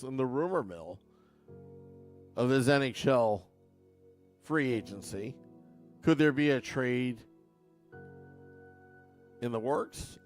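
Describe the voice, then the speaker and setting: Over soft background music, a sports podcast host chats animatedly with his listeners and mocks fans in a put-on accent. His voice is medium-pitched, and he takes it slowly, with long pauses.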